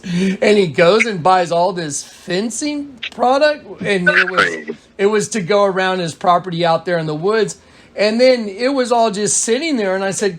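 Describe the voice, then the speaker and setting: A man with a fairly high voice talks over a phone call in a loose, rambling flow. He keeps restarting his sentences and slips into quoted speech as he retells conversations. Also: moderate pace, a little hiss or hum. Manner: rambling, many restarts and fillers. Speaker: caller recounting events.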